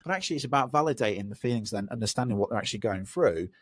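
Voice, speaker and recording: A man in his thirties, hosting a casual podcast chat in a mid-pitched voice. He tells his stories with energy and acts out the voices of the people in them. The sound is dry and close, with no room around it. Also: very fast, no room sound. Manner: animated storyteller who acts out voices. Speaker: podcast host.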